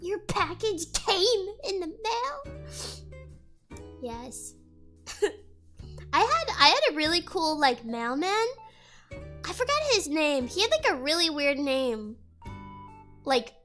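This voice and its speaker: A woman's voice: high-pitched, big pitch swings, a little slow, long pauses, a bit bright, soft background music. A young woman streamer chatting casually with her viewers, rambling and giggling, with a stuffy nose. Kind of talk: casual chat reading chat aloud.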